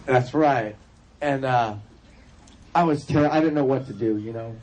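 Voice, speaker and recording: With a darkish mid-range voice and a measured pace, a man from California tells his personal story at a recovery convention, joking loosely and addressing the audience in asides. The rough recording picks up crowd noise and laughter.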